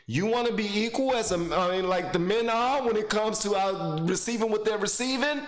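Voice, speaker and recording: A man's voice: high-pitched, fairly quick, echoey room. A man giving blunt, mocking casual commentary while reacting to a video clip, rambling into stories.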